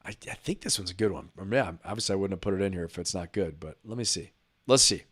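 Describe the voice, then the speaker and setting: A man's voice: sits low, fast talker, fairly bright tone, husky. A middle-aged man hosting a live stream, reacting to clips in a casual, chatty way, laughing often and talking to his viewers.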